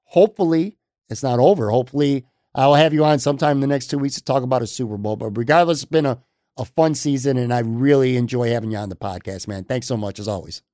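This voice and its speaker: A man's voice: medium pitch, fast talker, warm tone, no room sound, clean studio sound. A man hosting a sports podcast, signing off in a chatty, upbeat way and repeating himself often. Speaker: podcast host. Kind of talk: casual podcast outro.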